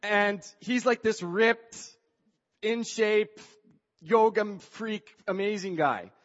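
High-voiced man telling an animated story. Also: takes it slowly, big-room sound, highs cut off. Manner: chatty, acts out quoted dialogue, frequent "like" fillers. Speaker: speaker telling a personal story. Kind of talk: animated personal storytelling with a moral.

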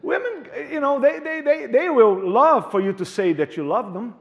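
This male pastor delivers a lively sermon, joking with the congregation and repeating words. His voice is very high, and he speaks at a normal speed.

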